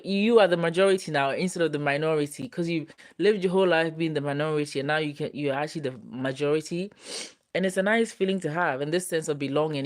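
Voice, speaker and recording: Brief: young woman hosting a live stream, relaxed and chatty, reads out viewer comments. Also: deep voice. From United Kingdom. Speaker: host reading viewer comments. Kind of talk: casual live-stream chat.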